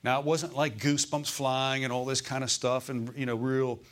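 A man's voice: mid-range voice, flat delivery, normal speed. A middle-aged man preaching a sermon, repeating phrases for emphasis and asking his listeners for amens.

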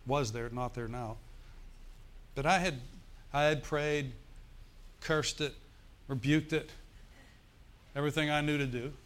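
With a voice on the high side, a pastor preaches a little slowly and pauses often. His sermon mixes animated storytelling, a mimed forced laugh, and prompts for the congregation to respond.

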